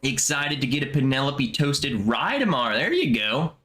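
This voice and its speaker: A young man hosting a casual livestream, tasting bourbon and chatting as he reads viewer comments, relaxed and musing. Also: mid-range voice, normal speed, soft background music. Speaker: livestream host. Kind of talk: casual live chat reading comments.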